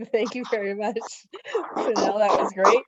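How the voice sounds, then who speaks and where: A woman's voice: medium pitch, steady tone, unhurried, no echo. Upbeat woman on a dry, dull call. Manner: laughing, upbeat, rambling. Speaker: meeting host leading table topics. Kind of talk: casual meeting chat on video call. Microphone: video call.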